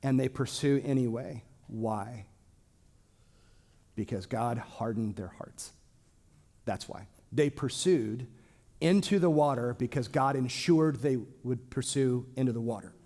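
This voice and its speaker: A man teaching a small church Bible class in a casual, joking way, with lively asides to his listeners. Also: mid-range voice, measured pace. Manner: lively, joking, acts out quoted speech.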